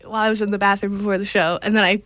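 A young adult woman hosting a film podcast in casual chat, playful and quick to laugh at puns. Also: medium pitch, little pitch movement, fairly bright tone, dry recording. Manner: playful, laughs often, pun-loving. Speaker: podcast host.

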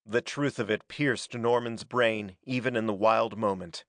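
A man reading a pulp adventure story aloud as a dramatic, steady narrator. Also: lowish voice, a little slow, dry recording, studio quality. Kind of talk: scripted audiobook narration.

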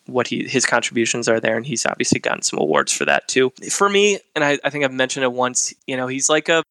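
A man hosting a casual podcast, thinking aloud and giving his take in a relaxed way. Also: mid-range voice, fast, dry recording. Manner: relaxed, thinks out loud with restarts. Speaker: podcast host.

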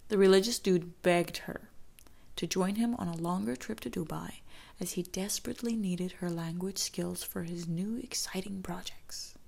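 A woman telling a personal story in an intimate way, slowing down and dropping into whispers for emphasis. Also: lowish voice, vocal fry, darkish tone. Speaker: storyteller and teacher. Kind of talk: storytelling narration.

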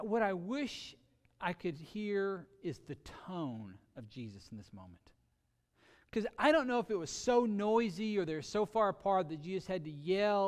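Male pastor, high voice, earnest preaching, sudden loud and soft turns, long hall reverb. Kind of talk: sermon.

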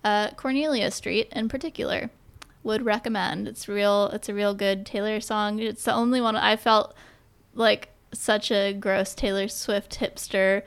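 A woman's voice: medium pitch, fairly even intonation, measured pace, smooth. A woman hosting a podcast in casual chat, self-deprecating and chatty as she wraps up the episode. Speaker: podcast host.

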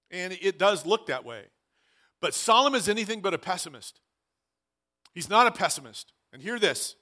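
A man's voice: high-pitched, sing-song, brisk, pushed and bright. A man in his sixties preaching a sermon as pastor, emphatic, repeating key phrases and dropping dry asides. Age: 60s.

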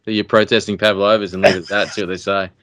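Rambling jokey Australian man, low voice. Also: flat delivery, racing, a bit bright, no echo. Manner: rambling, jokey, many fillers and restarts. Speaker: podcast co-host. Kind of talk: casual banter.

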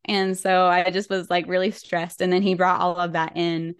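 A woman's voice: on the low side, flat delivery, moderate pace, clear, resonant tone, no echo, studio quality. A woman guest on an interview podcast, telling a personal story in a chatty way with many fillers and small laughs. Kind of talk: casual storytelling.

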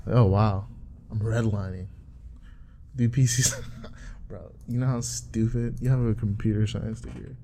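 Low, mellow-voiced man joking around. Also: steady tone, normal speed, slight background noise. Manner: rambling, joking, laughs at own bits. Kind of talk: casual profane monologue.

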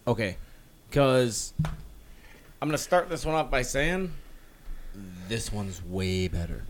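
A man's voice: mid-range voice, sing-song, slow. Rambling casual male podcast co-host. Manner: rambling, lots of "like" and restarts, acts out characters loosely. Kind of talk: casual comic book discussion.

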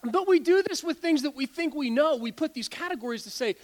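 A pastor in his forties delivers a sermon in a notably high voice for a man. He tells stories with animated energy, trips over his own words, restarts phrases and breaks into laughter. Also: brisk, few pauses. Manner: animated storytelling, stumbles and repeats words, laughs often.

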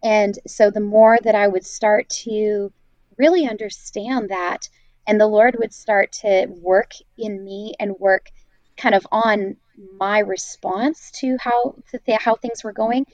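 An earnest woman recounts her story in a reflective, searching way, often pausing and restarting. Her voice sits at a middle pitch and is recorded dry and close, with a slightly dull, muffled top end. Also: fairly even intonation, a little mellow, dry recording. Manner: earnest, reflective, many fillers. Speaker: guest sharing her story. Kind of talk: candid faith testimony.

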